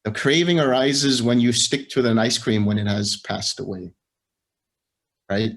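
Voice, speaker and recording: A man teaching meditation, explaining practice patiently and in measured steps over a video call. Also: medium pitch, steady tone. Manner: patient, measured, builds on examples step by step.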